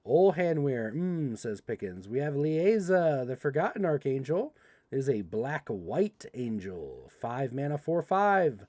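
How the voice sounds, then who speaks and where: A young man hosting a livestream, casually reading card text aloud and joking with chat in an animated way. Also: medium pitch, no echo. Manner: animated, reads card text quickly, playful asides to chat. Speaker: livestream host opening card packs.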